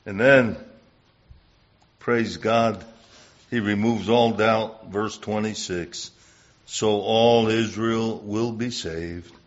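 A man preaching a sermon, emphatic, building to loud bursts on key points. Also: fairly low pitch, fairly even intonation, very slow, pauses often. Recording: dull lo-fi recording.

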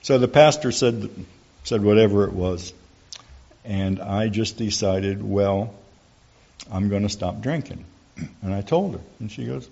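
A man's voice: fairly low pitch, takes it slowly, creaky, pauses often, a little mellow, slightly rough. A middle-aged man telling a folksy church testimony to an audience, acting out the people he quotes. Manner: folksy storytelling, acts out quoted dialogue. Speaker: church speaker giving a testimony. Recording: dull lo-fi recording.

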